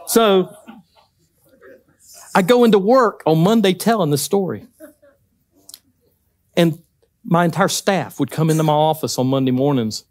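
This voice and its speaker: A man preaching a sermon, telling stories with lively acted-out quotes. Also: on the high side, dry recording, clean studio sound. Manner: animated storytelling, acts out quotes. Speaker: pastor.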